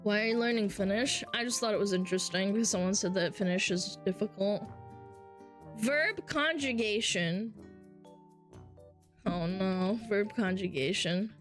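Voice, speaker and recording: A woman's voice: medium pitch, normal speed, faint music behind. A woman streamer chatting casually with her live chat, brash and swearing freely as she reads messages aloud.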